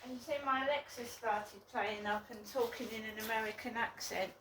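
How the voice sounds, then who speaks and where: A woman talking casually to her viewers in a rambling, indignant way, recording a vlog in her flat. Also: a little high, brisk, slight background noise. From England. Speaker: vlogger. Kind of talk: casual vlog talk to camera.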